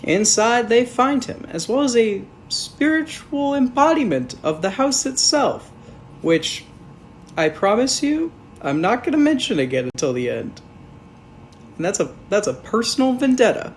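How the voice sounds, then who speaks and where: A woman's voice: on the high side, very animated, unhurried, a little hiss or hum. Sarcastic woman reviewing a movie. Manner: sarcastic, jokey asides, swears casually. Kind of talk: sarcastic comedic film review.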